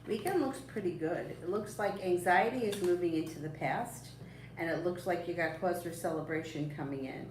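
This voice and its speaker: A woman gives live-stream tarot readings in a chatty, reassuring way, rambling along with fillers and soft little laughs. Her voice sits a little low. She sounds a bit away from the mic, in an echoey room with a faint hiss behind her. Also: normal speed, recorded from a distance. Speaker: tarot reader.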